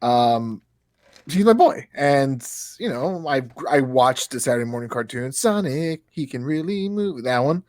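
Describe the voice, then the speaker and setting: Excitable man in his thirties, casual podcast chat, frequent swearing, mid-pitched voice, dry close mic. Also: measured pace, hardly any pauses, dry recording. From Europe. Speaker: podcast co-host.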